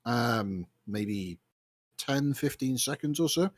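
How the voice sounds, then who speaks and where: A man's voice: mid-range voice, expressive, slow, dry recording. A man narrating as game master in a tabletop game over a voice call, rambling and correcting himself. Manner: rambling, self-interrupting.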